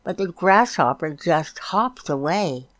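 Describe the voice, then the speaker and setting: Low-voiced woman reading a picture book. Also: expressive, takes it slowly. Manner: gentle, explaining to young listeners. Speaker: storytime reader.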